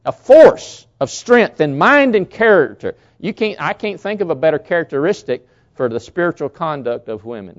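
A male pastor preaching a sermon with emphasis, repeating key words and swinging between loud lines and hushed ones. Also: mid-range voice, muffled recording.

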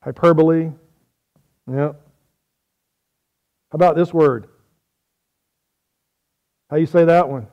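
A man's voice: on the high side, slow, pauses often, mellow, muffled recording. A man preaching a folksy sermon, quizzing his audience on how they say words.

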